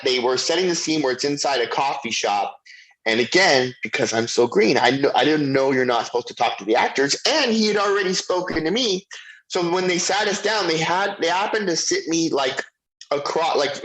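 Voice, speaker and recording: A middle-aged man tells a story with real animation, his slightly raised voice jumping around as he acts out each person he quotes. The delivery is relaxed and conversational, like a guest warming up on a chat show. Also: on the high side, poor audio. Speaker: guest actor. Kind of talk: anecdotal storytelling.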